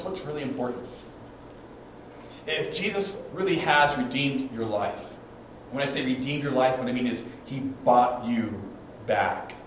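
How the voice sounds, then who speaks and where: A middle-aged man preaches from the pulpit, drawing out stories and acting out voices. His voice rings through a roomy sanctuary and reaches the mic from a distance, with a faint hum of the room behind him. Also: medium pitch. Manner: storytelling preacher, acts out quotes, dynamic swings in volume. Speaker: pastor. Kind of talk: sermon. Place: church sanctuary. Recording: echoey church hall, mic at a distance.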